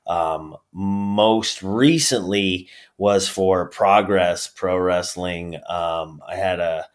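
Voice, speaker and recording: A man's voice: deep voice, extremely slow. A middle-aged man from upstate New York with a New York accent, a wrestler chatting as a guest in a casual interview, laid-back with many fillers and easy laughs.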